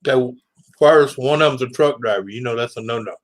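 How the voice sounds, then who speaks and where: A man's voice: mid-range voice, a little fast, no echo, low-quality recording. Easygoing man telling stories. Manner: easygoing storyteller, says yeah often. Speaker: regular guest. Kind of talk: casual chat.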